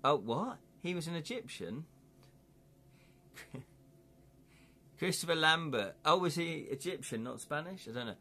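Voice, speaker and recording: A man's voice: a little high, very animated, measured pace, long pauses, pushed and bright. A man from England hosting a livestream, chatting casually and rambling while reading out viewer comments, laughing often. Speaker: livestream host.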